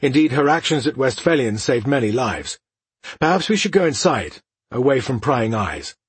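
A man's voice: mid-range voice, very animated, moderate pace, breathy edge, no echo. A man voicing a stern male commander who talks in a clipped, authoritative way. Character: stern male lord marshal, guarded commander.

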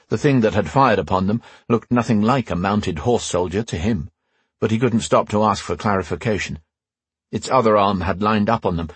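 A man narrating a fantasy audiobook in a measured, expressive way, close to the mic. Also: fairly low pitch, husky, dry recording. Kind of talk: scripted narration.

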